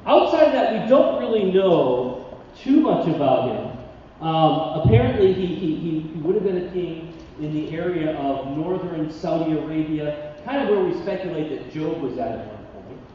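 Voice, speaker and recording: A man preaching a sermon, reading scripture with dramatic pauses and chatting with the congregation between passages. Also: a little high, slight background noise. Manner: expressive Bible reading, dramatic pauses, conversational asides. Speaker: pastor. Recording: distant mic in a reverberant hall, dull sound.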